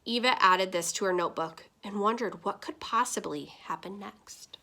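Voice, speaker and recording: A woman's mid-range voice brings a children's picture book to life at normal speed, reading it in an animated, expressive way.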